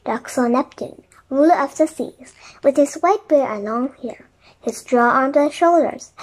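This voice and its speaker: High-voiced woman narrating a kids' chapter book aloud, gentle and quiet. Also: poor audio. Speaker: storybook reader.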